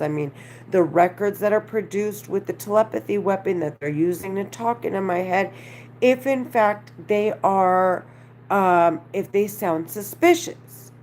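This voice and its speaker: A distressed woman talking straight to the camera in a monologue, agitated and repetitive, halting often, with a lisp. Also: mid-range voice, a little mellow, slight background noise.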